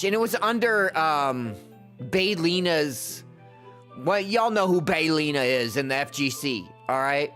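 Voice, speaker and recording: A man's voice: on the high side, expressive, unhurried, a bit bright. Man, live game streamer, exasperated, profane mocking rants, rambling stories, faint music behind. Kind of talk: live gameplay commentary.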